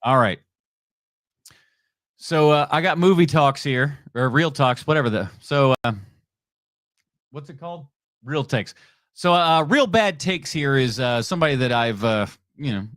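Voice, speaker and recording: An American man hosts a movie podcast, reacting to videos on a live stream with blunt sarcasm and frequent laughter. His voice is mid-range and a bit bright at a normal speed, recorded with clean studio sound and no room sound.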